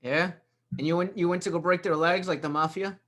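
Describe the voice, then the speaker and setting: A man's voice: sits high, fairly even intonation, fairly quick, a bit bright. A man with a Brooklyn-sounding accent, hosting a casual group chat and teasing his co-hosts. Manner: joking, teasing. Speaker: host.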